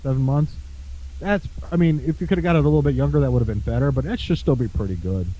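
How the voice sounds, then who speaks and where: A man's voice: mid-range voice, fast, mellow, lo-fi sound. A man co-hosting a podcast in casual chat, swearing freely, laughing often and acting out his dog's antics as he tells stories. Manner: profane, laughing storyteller who acts out his dog. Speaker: podcast co-host.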